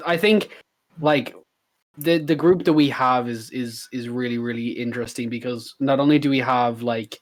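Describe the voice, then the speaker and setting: A man's voice: mid-range voice, normal speed. Chatty, enthusiastic male podcast co-host. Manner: chatty, enthusiastic, many "like" fillers. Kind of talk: casual podcast chat.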